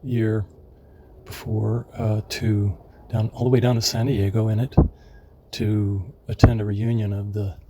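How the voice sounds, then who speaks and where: Man, 70s, from California. Unhurried, halting memoir narration in a slightly low voice. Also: level tone, mellow, slight background noise. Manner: rambling and halting, searching for names.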